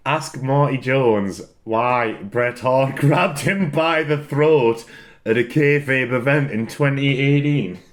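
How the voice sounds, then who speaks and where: Man, casual solo chat, rambling and giggly, prone to loud laughing fits and swearing. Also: mid-range voice, takes it slowly. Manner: rambling, repeats words for comic effect. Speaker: wrestler answering fan questions.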